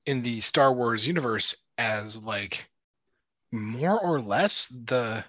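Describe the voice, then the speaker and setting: A man with a bright, forceful voice rambles through a casual chat, filling gaps with "like" and starting sentences over. The sound is dry and close. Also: mid-range voice, lively intonation, slow pace, no room sound. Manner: rambling, full of "like" and restarts. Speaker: podcast co-host.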